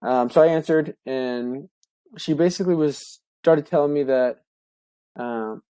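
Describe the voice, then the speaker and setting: Young man, warm dark tone, close dry sound, halting heartfelt podcast story. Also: medium pitch, clear, resonant tone, no room sound. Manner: halting, many fillers and restarts, heartfelt. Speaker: podcast co-host. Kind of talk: personal story, casual monologue.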